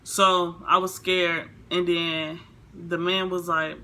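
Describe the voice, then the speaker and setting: A woman's voice: lowish voice, slow, slight background noise. A young woman vlogger telling a storytime in a casual, rambling way, full of fillers. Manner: rambling, filler-heavy, animated retelling.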